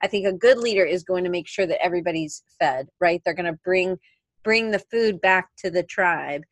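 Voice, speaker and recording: A woman's voice: lowish voice, normal speed, no room sound. A woman co-hosting a podcast in casual chat, rambling and correcting herself as she goes. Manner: rambling, self-correcting, chatty. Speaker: podcast co-host.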